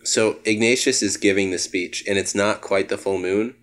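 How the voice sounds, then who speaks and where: Man with a very low voice, rambling comedic pitch, casual. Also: steady tone, normal speed. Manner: rambling, filler-heavy.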